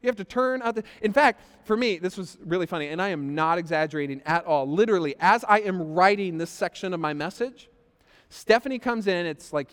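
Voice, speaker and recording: A man's voice: high-pitched, fairly bright tone, clear, resonant tone, big-room sound. A man preaching a sermon as pastor, conversational and joking, talking straight to the congregation. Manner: conversational, jokey, addresses congregation directly. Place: church hall.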